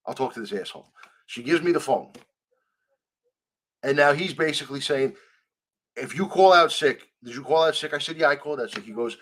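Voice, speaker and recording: A man telling a story in a conversational interview, acting out the people he quotes and swearing freely. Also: medium pitch. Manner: animated, acts out quoted dialogue, swears freely. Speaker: guest.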